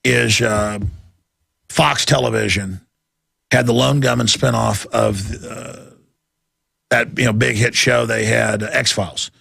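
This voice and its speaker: A man's voice: mid-range voice, steady tone, slow pace, gravelly, pauses often, pushed and bright, slightly rough, no echo, studio quality. A man hosting a talk show, giving emphatic, rambling, impassioned commentary. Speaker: show host.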